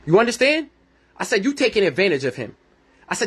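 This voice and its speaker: A man's voice: sits high, very animated, fast, pauses often, fairly bright tone, slightly rough. A man in his thirties hosting a podcast, giving a blunt, profane, heated monologue and acting out conversations he has had. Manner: reenacts his own conversations. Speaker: podcast host. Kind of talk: ranting monologue.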